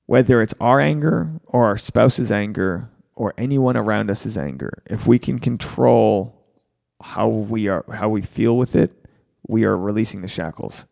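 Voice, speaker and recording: A man's voice: lowish voice, measured pace, creaky, darkish tone. A man hosting a podcast, talking candidly and animatedly, swearing freely and acting out quotes. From Rhode Island. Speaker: podcast host, standup comedian.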